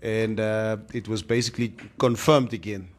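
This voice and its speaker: A young Namibian man co-hosting a morning radio show, talking in a relaxed, agreeable way, often restarting phrases and mixing in Afrikaans. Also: lowish voice, moderate pace. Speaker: radio co-host. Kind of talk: casual radio banter. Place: radio studio.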